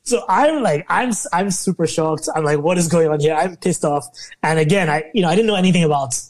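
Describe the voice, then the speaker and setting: A young man from Nigeria, a podcast guest telling a long story in casual interview talk, animated and often laughing. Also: fairly high pitch, a little fast, poor audio.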